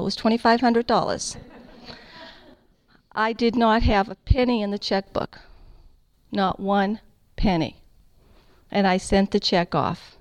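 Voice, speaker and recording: A middle-aged woman telling her testimony to an audience, an animated storyteller with self-deprecating humor. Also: mid-range voice, smooth, dry recording. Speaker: founder of a Catholic radio ministry, giving testimony. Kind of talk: personal testimony talk to an audience.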